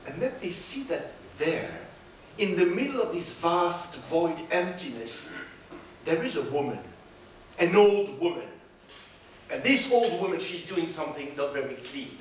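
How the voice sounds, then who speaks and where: Slow rhythmic male storyteller, echoey hall. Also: sits high, expressive, a little hiss or hum. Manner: slow, rhythmic, repeating phrases. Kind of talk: live solo storytelling performance. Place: large theater stage. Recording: echoey theater from far off, drums. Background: drums and percussion.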